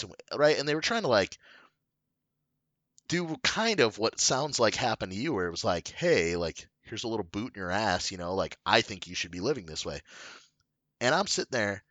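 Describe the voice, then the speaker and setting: A man's voice: on the low side, lively intonation, moderate pace, a bit bright, no echo. A man telling a long story in casual chat, rambling with lots of fillers and swearing. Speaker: podcast co-host telling a story.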